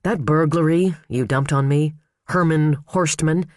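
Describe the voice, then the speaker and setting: A man's voice: a little high, unhurried, dry recording, studio quality, lightly acted. A man voicing a fussy male attorney who pouts and complains, in an audiobook. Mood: whiny. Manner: pouting, complaining.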